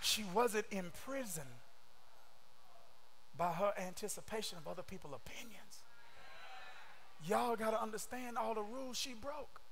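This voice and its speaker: A man preaching a sermon with fervor, often shouting and throwing rhetorical questions at his listeners. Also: sits high, a little slow, pauses often, slight background noise. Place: church service streamed online.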